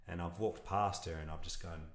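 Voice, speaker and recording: A man's voice: deep voice, steady tone, moderate pace, echoey room. A man, a podcast guest talking earnestly and reflectively in a casual interview, rambling with restarts. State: emotional.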